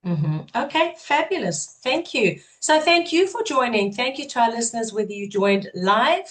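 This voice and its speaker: A woman's voice: fairly high pitch, lively intonation, moderate pace, fairly bright tone, rough recording. Upbeat woman hosting a webinar. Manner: upbeat, enthusiastic. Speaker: webinar host. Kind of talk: webinar interview.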